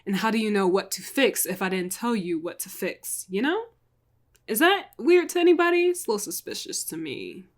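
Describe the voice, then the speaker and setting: A woman's voice: mid-range voice, animated, a little fast, few pauses. A chatty woman casually retelling a crime story, full of "like" and asides to viewers. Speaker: storytelling vlogger.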